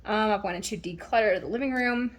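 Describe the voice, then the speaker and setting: A woman's voice: mid-range voice, a little fast. A woman in her thirties casually chatting through her planner in a vlog, rambling a little with ums and restarts. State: slightly out of breath. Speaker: planner vlogger. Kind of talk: casual show-and-tell vlog. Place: home.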